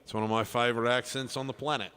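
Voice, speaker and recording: Speaking quickly in a clear, resonant mid-range voice with little pitch movement, a man hosts a live music stream. As a piano performer, he reads viewers' requests and thanks each by name in a friendly way, trailing off softly, and the sound suggests a big room.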